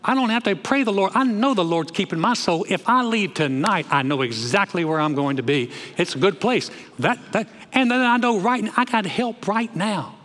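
A man, a pastor preaching a sermon in a church, folksy and animated, often repeating his words as he goes. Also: high-pitched, normal speed, few pauses, in a large hall. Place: church sanctuary.

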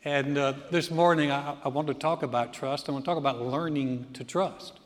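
A middle-aged pastor with a fairly high voice and fairly even intonation preaches at a normal speed in a church sanctuary. His sermon is full of funny stories and acted-out voices of other people, and the long hall reverb fills the recording.

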